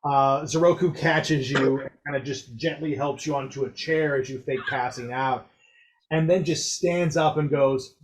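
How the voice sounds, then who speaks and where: A man narrating as dungeon master in a relaxed, unhurried way with fillers. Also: medium pitch, noisy background. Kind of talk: narrating a tabletop game.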